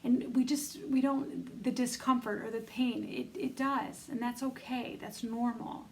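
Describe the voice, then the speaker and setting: A woman's voice: fairly high pitch, fairly even intonation, unhurried, a little hiss or hum, rough recording. A middle-aged woman giving an earnest, encouraging self-help coaching talk, speaking straight to her listeners. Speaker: self-love coach leading an online bootcamp.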